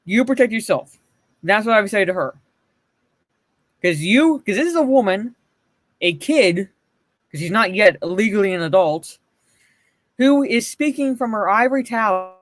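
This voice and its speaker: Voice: medium pitch, animated, moderate pace, long pauses, dry recording, clean studio sound. A livestream host giving blunt, profane, mocking commentary and answering chat messages.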